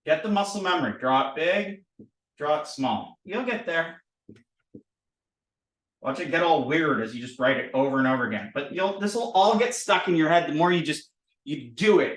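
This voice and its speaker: Lively male teacher, playful drill style, higher voice, recorded off-mic in an echoey room. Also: distant mic. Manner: playful, repetitive drilling, animated. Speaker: language teacher. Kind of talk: recorded lesson, drawing letters. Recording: roomy, a bit off-mic.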